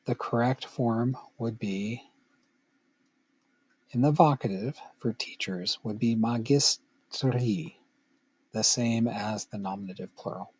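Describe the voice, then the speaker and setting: A man's voice: mid-range voice, slow pace, pauses often, breathy edge, highs cut off. A middle-aged man teaching a recorded Latin grammar lesson, patient and playful, with joking asides to the student.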